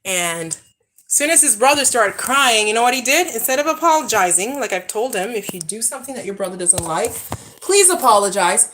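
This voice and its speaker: Fairly high-pitched and brisk with lively intonation and a slightly bright tone, this thirtysomething vlogger livestreams casually from beside her backyard pool at home. She chats with viewers and calls out to scold her kids in between, with slight background noise.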